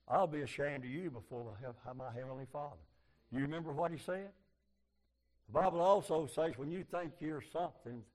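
A man preaching a sermon in folksy, fervent speech, swinging from loud cries to low, quiet passages. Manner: fervent, rising to loud shouts and dropping low.

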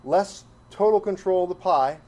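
A man preaching a sermon, emphatic and full of rhetorical questions, swinging between loud stresses and quiet asides. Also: high-pitched, moderate pace. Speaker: pastor.

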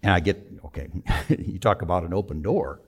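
A man in his sixties telling a personal story in a sermon, conversational and emphatic, with sudden drops to a low, quiet voice. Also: animated, normal speed, breathy edge. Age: 60s. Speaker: preacher.

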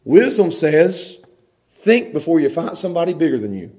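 Pastor guy preaching, high voice, gets loud then drops way down. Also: moderate pace. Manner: animated preaching, swinging from loud emphasis to quiet asides. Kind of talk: sermon.

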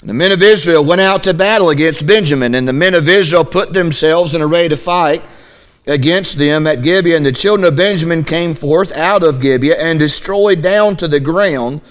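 A male pastor delivering a midweek sermon in a fairly high voice. He reads scripture aloud and slips into the voices of the Israelites. His talk is folksy and animated. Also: normal speed.

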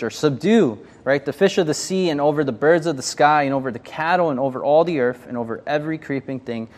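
Bible study leader, man, slightly high voice, loose conversational delivery with lots of ums. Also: a little fast, hardly any pauses. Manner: chatty, filler-heavy, asks the group questions. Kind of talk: casual interactive Bible teaching.

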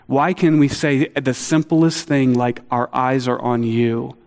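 A middle-aged man preaching a sermon, earnest and animated, acting out quotes with a lifted voice. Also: slow, creaky, hardly any pauses. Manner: earnest, animated, acts out quotes with rising pitch. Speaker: pastor. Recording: long hall reverb.

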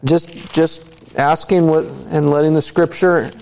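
A man preaching a sermon at an unhurried, measured pace. His voice is warm and mellow, and he keeps putting questions to the congregation and repeating lines for emphasis. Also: fairly high pitch, flat delivery, creaky. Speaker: pastor.

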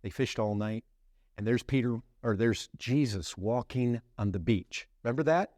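A man preaching a sermon as pastor, telling a story vividly, dropping low and quiet, then rising in intensity, and putting rhetorical questions to the congregation. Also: normal speed.

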